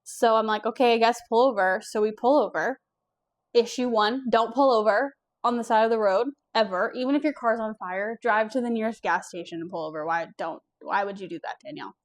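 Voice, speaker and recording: A young woman from the US East Coast telling a personal story in a casual vlog, candid and animated, swearing now and then. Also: a little high, a little fast. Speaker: vlogger.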